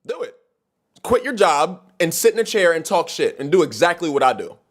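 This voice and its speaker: A man's voice: a little high, brisk. A man making a heated, profane monologue video, ranting to the camera as a content creator. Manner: heated, profane, animated rant.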